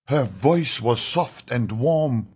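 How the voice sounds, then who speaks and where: A man narrating an audiobook in a measured, solemn storytelling manner. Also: medium pitch, expressive, a little mellow, breathy edge.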